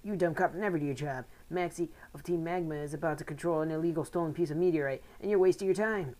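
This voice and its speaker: A woman reading the lines of a hotheaded male gang boss, ranting angrily and threatening, in her own very low voice. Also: quick pace, mellow, lightly acted. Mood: angry. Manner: angry ranting.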